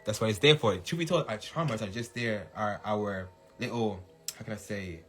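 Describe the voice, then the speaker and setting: Speaking at a moderate pace in a lowish voice, a male podcast host chats casually on a livestream. He's animated, laughs frequently, and yells when he acts out hype, with faint music audible behind him.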